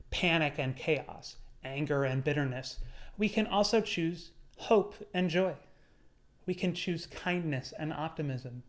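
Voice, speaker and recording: A young man giving an earnest, measured motivational talk on his video channel, slowing down on key words. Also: a little high. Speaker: YouTuber. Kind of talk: motivational vlog monologue.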